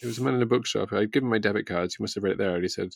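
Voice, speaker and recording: An English man co-hosting a casual podcast chat, his lowish voice roughened by a gravelly fry. He laughs often and slips in wry, deadpan jokes, recorded close and dry. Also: racing, dry recording. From England. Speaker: podcast co-host.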